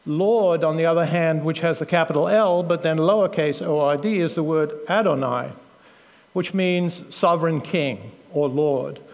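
A man's voice: a little high, moderate pace, darkish tone, in a large hall. A middle-aged British-born man giving a sermon, explaining scripture earnestly with fillers and self-corrections. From Britain. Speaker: preacher. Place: church.

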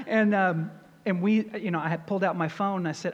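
A middle-aged man preaching a sermon as pastor, earnest and storytelling, rising in pitch and volume for emphasis. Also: fairly even intonation, moderate pace, in a large hall, lo-fi sound.

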